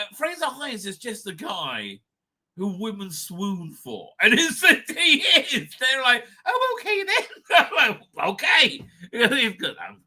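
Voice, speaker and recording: Lively, bright-voiced man rambling crudely. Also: high-pitched. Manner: crude, rambling, laughs often. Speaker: live-stream host. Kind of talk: rambling live-stream chat.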